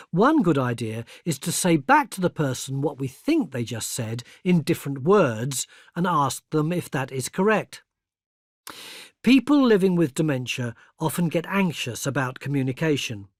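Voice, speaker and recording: An older man narrating a scripted educational video, explaining patiently and clearly and speaking example phrases kindly. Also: on the high side, very animated, moderate pace, no echo, studio quality. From England. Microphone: close studio mic.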